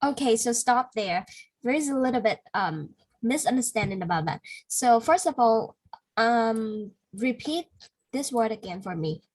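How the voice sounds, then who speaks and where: A woman's voice: a little high, animated, unhurried, darkish tone, poor audio. A woman with a Vietnamese accent, a non-native English speaker, tutoring a student one-to-one, correcting him patiently with many fillers.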